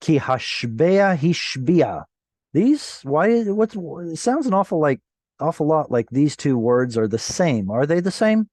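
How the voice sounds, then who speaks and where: Slow, patient male language teacher. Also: fairly high pitch, big pitch swings, a little mellow, no room sound. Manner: patient, explains word by word, self-correcting. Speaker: Hebrew teacher. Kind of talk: online class teaching. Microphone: video call.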